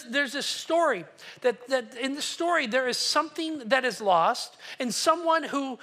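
A pastor preaching a sermon, asking the congregation to call out words and swinging between loud acted quotes and hushed asides. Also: medium pitch. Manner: call-and-response questions to the congregation.

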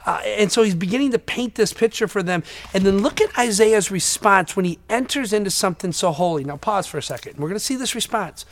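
A man preaching a sermon in a church, earnest, often repeating words and swelling loud when he quotes scripture. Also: high voice, fairly quick, few pauses. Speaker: pastor.

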